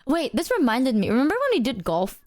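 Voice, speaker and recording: A woman's voice: sits high, brisk. A woman streamer in casual chat, laughing often and talking animatedly. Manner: giggly, animated, acts out quotes.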